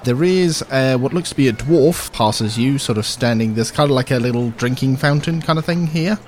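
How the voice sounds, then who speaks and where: Relaxed man running a tabletop game. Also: medium pitch, normal speed, slight background noise. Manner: relaxed, meandering, many restarts. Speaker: game master.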